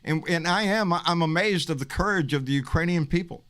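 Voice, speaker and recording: A man's voice: fairly high pitch, brisk, fairly bright tone. A man in his sixties from Texas hosting a casual political livestream, blunt and profane, often calling people baby. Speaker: livestream talk show host.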